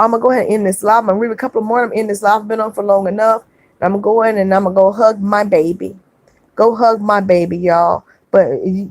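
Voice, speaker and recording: A woman hosts a casual livestream, reading viewers' comments aloud and answering each one. She speaks softly and haltingly, with frequent fillers and restarts, at an average pitch. The sound is dry and close, with no room echo. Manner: soft-spoken, halting, many fillers and restarts. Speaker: livestream host.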